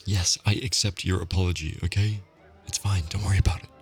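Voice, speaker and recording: A man in a whispered role-play, talking in a hushed, flustered, pleading way. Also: sits low, fairly even intonation, a little fast, soft background music.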